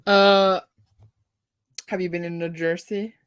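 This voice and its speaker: A woman's voice: lowish voice, little pitch movement, takes it slowly, clean tone, dry recording. Chatty Norwegian woman with a Bergen accent. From Norway. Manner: chatty, giggly, lots of fillers. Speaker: booktuber co-host. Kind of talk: casual chat on a reading stream.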